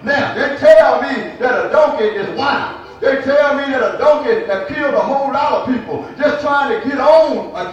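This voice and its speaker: High-pitched guy preaching loud and rhythmic, calling folks by name, super echoey church mic way off. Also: distant mic, highs cut off. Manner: shouting rhythmic preaching with repeated refrains; addresses congregation members by name. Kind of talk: sermon.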